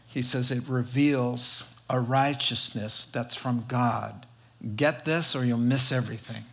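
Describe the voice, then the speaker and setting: A man's voice: mid-range voice, steady tone, slow, vocal fry, fairly bright tone. A man preaching a sermon, telling a story with emphasis and building repetitive rhetorical lists.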